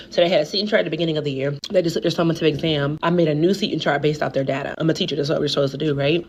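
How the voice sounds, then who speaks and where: A woman teacher vents about her students in a quick, emphatic, exasperated voice. The recording is dull and lo-fi. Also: low voice, a little hiss or hum. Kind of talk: venting to camera.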